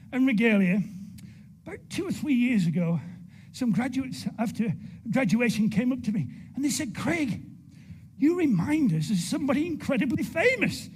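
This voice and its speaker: A British man speaking at a graduation ceremony, with animated, playful jokes and measured oratory, into a podium microphone in a large hall. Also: very high voice, slightly rough.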